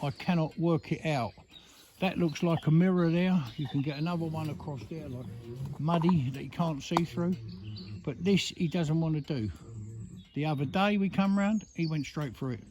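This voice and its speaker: A man, a horse trainer explaining as he works outdoors on a road and coaxing his horse with soft endearments. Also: fairly high pitch, normal speed. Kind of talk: casual explaining while driving a horse. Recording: loud outdoor noise with hoofbeats.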